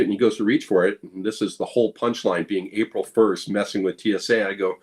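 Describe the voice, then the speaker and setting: A man's voice: on the low side, a little fast, darkish tone. A man, a guest blacksmith, telling casual anecdotes full of fillers and restarts, acting out quoted lines. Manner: playful, acts out quoted lines. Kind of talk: casual storytelling chat.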